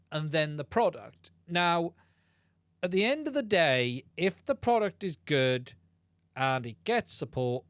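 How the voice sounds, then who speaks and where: A man's voice: on the high side, clean tone, no echo, clean studio sound. A man hosting a casual livestream, chatty and self-deprecating, often repeating himself. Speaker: livestream host. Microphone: studio mic through podcast mixer.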